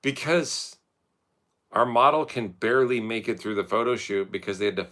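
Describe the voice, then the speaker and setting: A man's voice: lowish voice, normal speed, fairly bright tone. A man, telling profane, rambling, self-mocking stories as a casual streamer.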